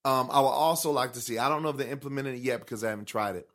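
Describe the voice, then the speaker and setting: Dude co-hosting a studio chat, jokey and animated, mid-pitched voice. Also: male voice, racing. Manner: animated, joking, jumps into high mock voices. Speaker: podcast co-host. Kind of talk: casual chat.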